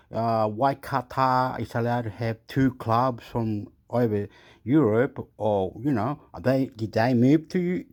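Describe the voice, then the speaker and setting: A man talks straight to his own camera, drifting from thought to thought. He restarts sentences often and trails off mid-idea in a loose, unscripted monologue. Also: medium pitch. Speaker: channel host. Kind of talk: rambling casual monologue.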